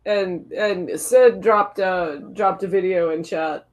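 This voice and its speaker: A woman's voice: on the low side, fairly even intonation, slow. A woman co-hosting, making casual, amused comments.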